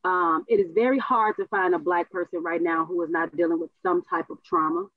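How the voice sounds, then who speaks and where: A woman co-hosting a casual talk show, telling stories with animated asides and voice impressions. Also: lowish voice, a little fast, no echo. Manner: animated storyteller, mimics voices. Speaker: co-host. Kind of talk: casual chat. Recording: tinny phone-like sound.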